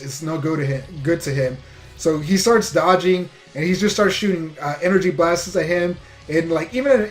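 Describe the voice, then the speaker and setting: Rambling man recapping an episode. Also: a little high. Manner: rambling, filler-heavy retelling with frequent restarts. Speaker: anime reviewer.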